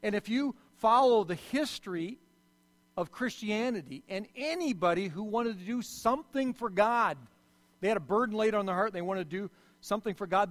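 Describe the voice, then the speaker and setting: High-voiced man preaching in a reverberant hall. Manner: preaching with sudden swells and drops in loudness. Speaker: pastor. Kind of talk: sermon.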